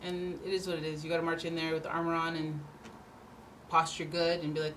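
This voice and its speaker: A woman's voice: low-pitched, steady tone, fast talker, a bit bright, a little hiss or hum. A woman giving a casual tarot reading, chatty and blunt, slipping into playful mock voices. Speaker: tarot reader.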